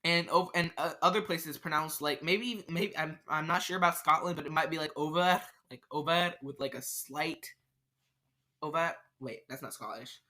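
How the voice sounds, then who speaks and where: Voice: medium pitch, moderate pace, few pauses, bright, forceful tone. A podcast host, rambling through an unscripted solo rant, stammering and restarting sentences often.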